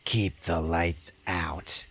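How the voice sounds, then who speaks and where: A man putting on a slow whispery ghost girl. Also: low-pitched, steady tone, a bit bright, breathy edge, full character voice. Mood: eerie.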